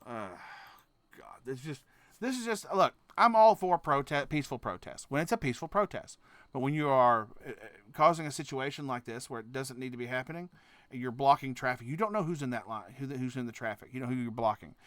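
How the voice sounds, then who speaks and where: A man hosting a reaction video, cursing and ranting as he goes, dropping to mutters and then bursting into shouts, often trailing off and restarting his sentences. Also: medium pitch, expressive, a little fast, no room sound. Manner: profane, ranting, swings between mutters and shouts. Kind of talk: casual reaction commentary.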